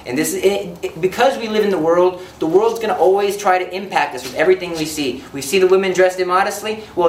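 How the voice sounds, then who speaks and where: Lively guy preaching, jokey, acts out little scenes, slightly high voice, faint hum behind. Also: reverberant, rough recording. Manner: animated, joking, acts out scenes. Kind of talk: sermon.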